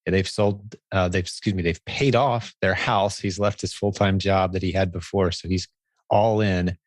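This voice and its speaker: A man with a very low voice hosts a podcast interview, enthusiastic and rambling, often correcting himself mid-sentence. His voice is recorded dry and close, with no room sound. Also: fairly even intonation, moderate pace, dry recording. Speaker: podcast host. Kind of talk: conversational interview.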